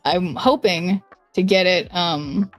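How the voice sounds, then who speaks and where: A woman's voice: on the low side, takes it slowly, soft background music. Chatty young woman streaming a game. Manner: chatty, thinks aloud, many "like"s and restarts. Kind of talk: casual stream chat while playing a card game.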